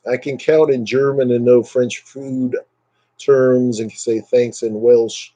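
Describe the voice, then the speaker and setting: A man's voice: mid-range voice, steady tone, slow pace, dark tone, dry recording, rough recording. A man chatting casually with live viewers over a webcam at home, joking and sarcastic, rambling from topic to topic. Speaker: live streamer.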